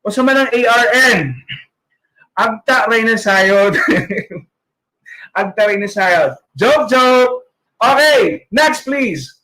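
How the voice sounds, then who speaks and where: Filipino man, literacy trainer, very high voice, deliberate slow delivery, exaggerated articulation, playful. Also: lively intonation, sharp tone, rough recording. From Philippines. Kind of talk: online training lecture.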